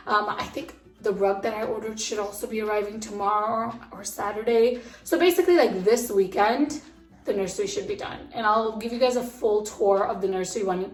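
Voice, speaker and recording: A woman's voice: mid-range voice, roomy sound, recorded from a distance. A pregnant young woman vlogging casually into her phone, chatty and upbeat with lots of fillers, a little out of breath. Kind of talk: casual chat to a phone camera. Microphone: phone camera.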